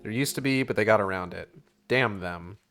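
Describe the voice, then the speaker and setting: Soft background music plays as a man streams a video game, reading on-screen text aloud and chatting in a sarcastic, profane, casual way. His voice leans low, with a fairly bright tone and a slightly fast pace.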